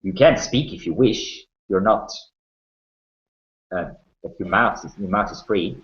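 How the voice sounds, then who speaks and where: A man's voice: on the low side, a little slow, fairly bright tone. A man narrating a tabletop game as game master, telling the story in a dramatic way with small restarts. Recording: dull, roomy sound.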